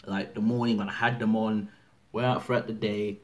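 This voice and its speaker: A man's voice: lowish voice, flat delivery, a little fast. An eighteen-year-old man chatting casually to camera, rambling and full of fillers. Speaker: vlogger. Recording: music playing loudly behind.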